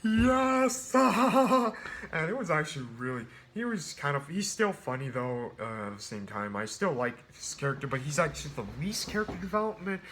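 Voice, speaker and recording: A man's voice: mid-range voice, sing-song, fairly quick, few pauses, pushed and bright, slight background noise. A man casually reviewing a film, rambling with many restarts and fillers. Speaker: movie reviewer.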